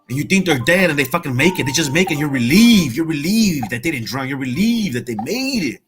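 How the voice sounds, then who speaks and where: Fast and with few pauses, this middle-aged man from Salinas, California gives a streetwise, profane motivational speech, calling the listener "homie" again and again and tossing in "Holmes." His voice runs on the high side, a bit bright and lively in intonation, with soft music playing behind him.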